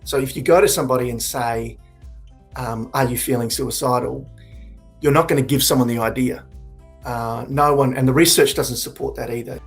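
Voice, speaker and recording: A man in his forties giving candid, earnest personal testimony, reflective and halting with frequent restarts. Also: medium pitch, fairly even intonation, creaky, soft background music. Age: 40s. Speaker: suicide prevention speaker.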